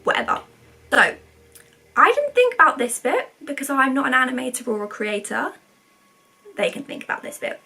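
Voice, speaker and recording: A woman's voice: high-pitched, very animated, normal speed, gravelly, pauses often, pushed and bright, husky. A woman in her twenties, a vlogger, rambling through casual commentary in a chatty, sarcastic way. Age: 20s.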